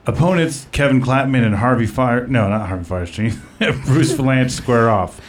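A man's voice: mid-range voice, normal speed, slight background noise. A man hosting a comedy podcast in casual chat, rambling with lots of fillers and narrating an absurd roast story. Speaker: podcast host.

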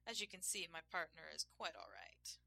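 A woman's voice: low voice, big pitch swings, normal speed, creaky, sharp tone, full character voice. A woman voicing a domineering, stern man who gives commands in a growling manner in an erotic audiobook. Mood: offhand. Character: domineering adult man, stern, teasing lover.

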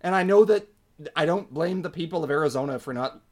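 A man's voice: on the high side, brisk. A man co-hosting a podcast, talking casually and with strong opinions, using lots of fillers. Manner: opinionated, animated, frequent fillers. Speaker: podcast co-host. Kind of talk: casual hockey chat.

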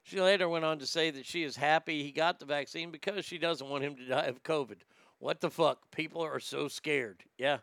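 Man, comedian host, profane ranting, highish voice, crisp. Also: normal speed, fairly bright tone, no echo, studio quality. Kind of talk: livestream chat reading and ranting.

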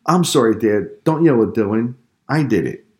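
A man's voice: fairly low pitch, big pitch swings, brisk, a little mellow. A man voicing a guilty, tearful ten-year-old boy in a read-aloud story.

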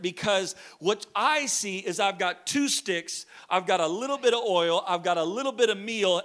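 Bright, high-voiced male preacher; animated, joking sermon delivery. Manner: lively storytelling, jokes with the congregation, shouts at times.

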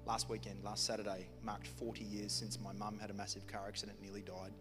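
Preaching with a lowish, monotone voice at a slightly quick pace, this man tells a story humorously and conversationally. Music plays in the background and a long hall reverb surrounds the recording.

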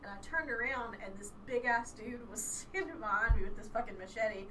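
A woman's voice: fairly high pitch, steady tone, fairly quick, a bit bright. Thirties woman rambling thru a funny story, kinda far from the mic, hissy. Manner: rambling, laughing storyteller who swears casually. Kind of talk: casual chat. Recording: distant mic with audible hiss.

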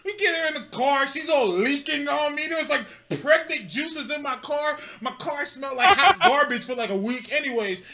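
A man's voice: extremely high pitch, lively intonation, moderate pace, hardly any pauses, heavy background noise. A podcast co-host man telling stories in casual chat, laughing often and acting out quotes. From California.

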